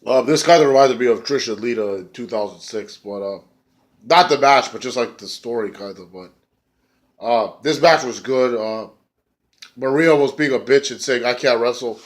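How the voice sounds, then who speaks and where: A man casually reviewing a wrestling show, excitable and profane, rambling with fillers and jumping into high squeaky voices for quotes. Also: normal speed.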